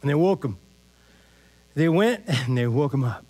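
A male pastor preaching a casual, conversational sermon, animated and tagging his lines with "man" and "all right?". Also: medium pitch, moderate pace, slightly rough.

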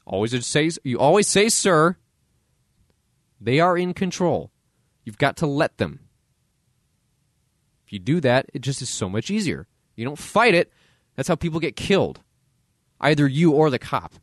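Podcast host, man, blunt and lively, swinging his pitch widely, dry close sound. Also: normal speed, long pauses, dry recording. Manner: blunt, acts out voices in dialogue. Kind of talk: casual opinion commentary.

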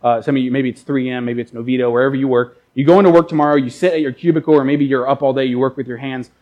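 A man's voice: medium pitch, steady tone, racing, dull audio. A man preaching a sermon in a casual, conversational way, with many fillers and repeated words, acting out characters in quoted asides. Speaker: pastor.

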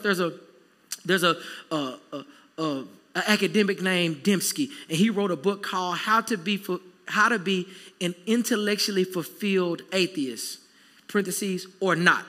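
Bright, high-voiced preacher in a reverberant hall. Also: male voice, moderate pace. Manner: conversational preaching, rising to emphatic peaks. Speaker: pastor. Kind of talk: sermon.

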